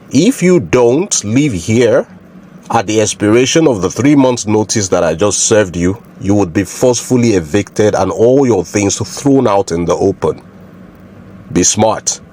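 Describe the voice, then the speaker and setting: A man playing an arrogant, wealthy landlord who speaks slowly and threateningly. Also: low voice, a little mellow, slight background noise. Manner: slow, commanding and menacing. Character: rich, arrogant male landlord, cold and threatening.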